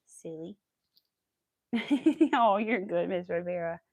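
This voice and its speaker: A young woman with a light Southern accent chats away while she crochets on a livestream. She rambles from one thing to the next and laughs a lot. Her voice has a gravelly fry, and the sound is close and dry. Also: mid-range voice, expressive, normal speed, a little mellow, no room sound. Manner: chatty, rambling, laughs often, talks to her dog.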